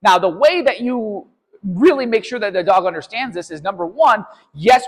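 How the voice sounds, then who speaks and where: A man's voice: high-pitched, long reverb tail, low-quality recording. A man who trains dogs, explaining obedience step by step and checking in with "right?" and "okay?". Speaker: dog trainer. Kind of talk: instructional training video.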